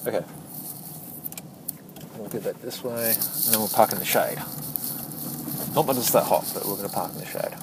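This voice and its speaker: A man telling a personal story while driving, in a rambling, halting way full of restarts. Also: lowish voice. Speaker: vlogger. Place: inside a moving car. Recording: car noise in background. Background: vehicle noise.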